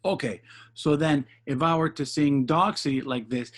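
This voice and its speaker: A man's voice: on the high side, a little slow. A man teaching jazz piano in an online lesson, patiently explaining rhythm step by step and counting beats aloud over a video call. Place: home setup for a virtual session.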